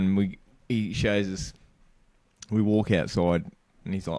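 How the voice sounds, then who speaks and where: Low-voiced, sweary Australian storyteller. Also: male voice, a little fast, a little mellow, no echo. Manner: laughing anecdotes, sweary, acts out voices. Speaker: podcast co-host. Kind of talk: casual chat.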